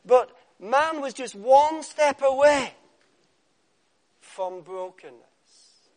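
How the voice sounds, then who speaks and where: A man preaching a sermon, with dramatic pauses and a voice that drops to a soft hush on key words. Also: very high voice, animated.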